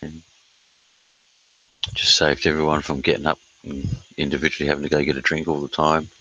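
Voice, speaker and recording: Middle-aged aussie guy streaming, super deep voice, dry mic, swears a lot, lots of uhs. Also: little pitch movement, pushed and bright, no echo, muffled recording. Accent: Australian. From Australia. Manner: blunt, swears often, many filler pauses. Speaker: livestreamer reading chat. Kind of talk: casual live-stream chat.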